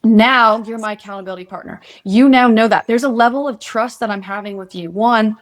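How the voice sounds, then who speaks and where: A woman's voice: on the high side, brisk. A young adult woman speaking as an interview guest, earnest and motivational as she lays out steps for facing fear. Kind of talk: casual interview.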